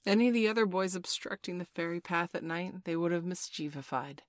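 Woman reading a storybook aloud, low voice, gentle and measured, dry close sound. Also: dry recording. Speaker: narrator.

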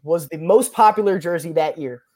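A man's voice: fairly high pitch, moderate pace, crowd noise. A man co-hosting a casual chat, quizzing his friend on football trivia in a teasing, mock-apologetic way with many restarts. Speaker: podcast co-host running a sports trivia quiz.

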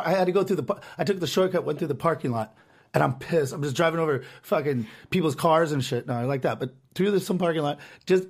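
A young man co-hosting a podcast, telling a profane, animated story full of acted quotes. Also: fairly high pitch, breathy edge. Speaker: podcast co-host. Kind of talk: casual storytelling chat.

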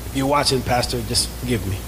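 A man preaching a sermon as pastor, calling for amens, acting out quoted voices and rising into shouts. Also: medium pitch, quick pace, noisy background. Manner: preaching with call-and-response, building to shouts; acts out quoted voices in asides. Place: church sanctuary.

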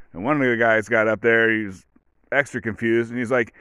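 A man's voice: mid-range voice, steady tone, fairly quick, sharp tone, clean tone, no room sound. A man hosting a casual solo podcast, talking in a rambling, offhand way with dry joking asides. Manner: rambling, offhand, full of "like" and "whatever". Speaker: podcast host.

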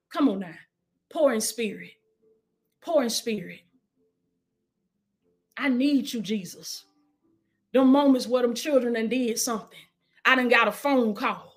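Woman preacher with a high voice, casual sermon delivery that swings between urging and soft prayer. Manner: preaching with call-and-response, dropping to hushed prayer.

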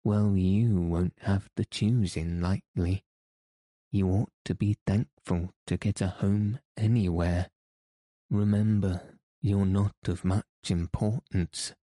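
A man's voice: deep voice, steady tone, takes it slowly, warm tone, dry recording. A man reading the part of a blunt, nagging woman housekeeper who scolds in an audiobook. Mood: scolding.

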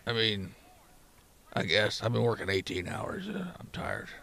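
Man doing a dragonborn miner, tabletop game character, low voice, gravelly, weary, mumbling. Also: sing-song, measured pace, pushed and bright, exaggerated voice. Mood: tired. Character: exhausted male dragonborn miner, gruff. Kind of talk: game master voicing a character.

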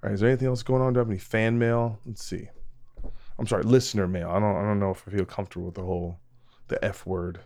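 Rambling, self-mocking podcast host, low male voice. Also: little pitch movement, quick pace, a little mellow. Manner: rambling, self-mocking, frequent restarts and laughs; swearing, direct address to listeners. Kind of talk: casual solo podcast monologue.

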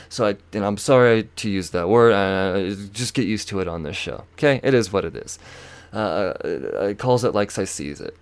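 Profane, animated young man ranting. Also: on the low side, moderate pace, smooth. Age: young adult. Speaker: podcast host. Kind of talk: comedic storytelling rant.

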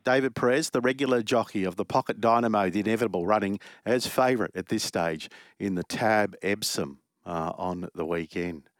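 A man's voice: lowish voice, a little fast, no echo, studio quality. A man hosting a horse racing radio show, chatty and rambling as he reads out betting odds.

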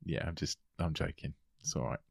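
A man's voice: rumbling low, a little fast, creaky, slightly rough, no room sound, studio quality. A man co-hosting a podcast, chatting casually about a film, laughing often and joking, trailing off mid-thought. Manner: giggly, jokey, trails off. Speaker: podcast co-host. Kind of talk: casual film review chat.

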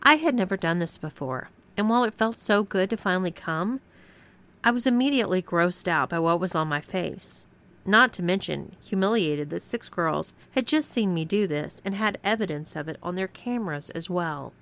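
A woman reading a scripted first-person story aloud as narrator, with expressive storytelling. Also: lowish voice, moderate pace.

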